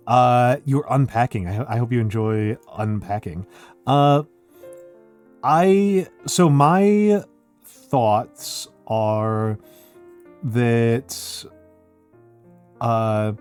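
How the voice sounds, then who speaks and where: A young man streaming, chatting casually with his viewers and thinking out loud, his voice scratchy because he is under the weather. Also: mid-range voice. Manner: rambling, thinking out loud with fillers.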